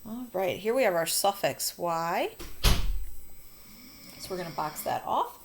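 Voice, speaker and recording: A woman's voice: fairly low pitch, sing-song, slow, gravelly, background noise. A woman teacher talking students through a phonics coding lesson, patient and encouraging.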